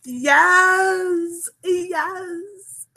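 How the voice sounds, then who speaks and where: High, bubbly woman streaming live. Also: drawn-out words. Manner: giddy, laughs often, repeats herself excitedly. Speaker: livestream host. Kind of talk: casual live-stream chat.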